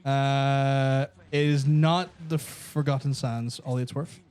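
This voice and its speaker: A man's voice: mid-range voice, fairly even intonation, slow, a little mellow, clear, resonant tone. A man with a Northern Irish accent hosting a live stream, chatting casually, swearing and reading out viewers' guesses. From Northern Ireland. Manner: banters and reads out viewers' guesses, swears freely. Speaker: host.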